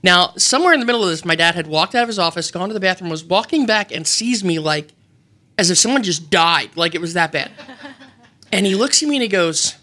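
Woman guest on a radio show, crisp bright voice, animated and self-mocking, just chatting away. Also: on the low side, fairly quick. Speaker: guest, wrestling personality. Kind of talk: casual storytelling. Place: radio studio.

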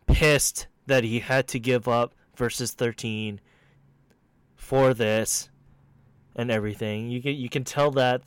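A man in casual chat about video games who laughs often and rants with animated energy. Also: mid-range voice, smooth, dry recording. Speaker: co-host.

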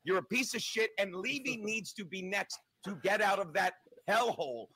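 A man's voice: high-pitched, moderate pace, bright, forceful tone, breathy edge. A man ranting combatively and profanely as a livestream guest.

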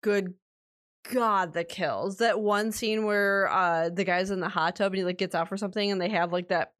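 A young woman co-hosting a podcast, talking casually and excitably with lots of fillers and swearing. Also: medium pitch, moderate pace. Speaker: podcast co-host. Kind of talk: casual chat.

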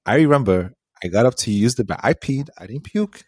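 Sitting across from his co-host at home, this young podcaster from a Puerto Rican family laughs his way through a casual story. His mid-range voice is animated and a little fast, slightly mellow with a breathy edge, and there's no echo.

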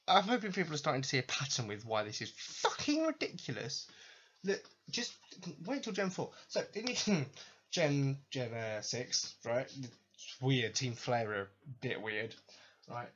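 Young male host, exasperated sarcastic rant, breathy tone, mid pitch, dull lo-fi audio. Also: very animated, slow, long pauses, a bit bright. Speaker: podcast host. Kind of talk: casual ranting commentary.

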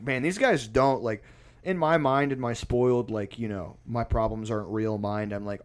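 Rambling profane man telling a story. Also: mid-range voice. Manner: rambling, profane, laughing often. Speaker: musician. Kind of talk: casual storytelling chat.

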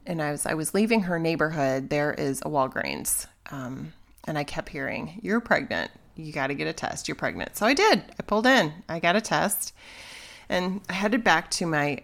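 A woman in her forties, hosting a podcast and candidly telling a personal story in a lively, exclaiming way. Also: deep voice. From Chicago area, US. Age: 40s. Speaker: podcast host.

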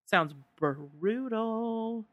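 A woman's voice: a little high, animated, extremely slow, no room sound. A woman co-hosting a podcast in casual chat, reading listener answers aloud and laughing often. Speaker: podcast co-host.

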